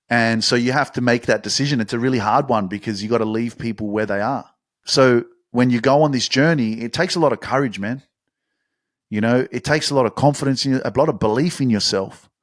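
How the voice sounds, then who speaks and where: A man giving a motivational monologue in an animated, casual way, acting out excited quotes and swearing now and then. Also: medium pitch, no room sound, studio quality. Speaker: motivational speaker.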